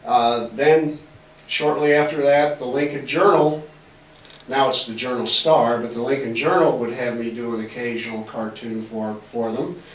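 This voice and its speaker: A man in his sixties from Massachusetts, with a faint local accent, gives a folksy, joking storytelling lecture in a library auditorium and acts out the voices of people he quotes. His voice is mid-range and steady at a normal speed. The recording sounds like a roomy hall picked up on a distant mic.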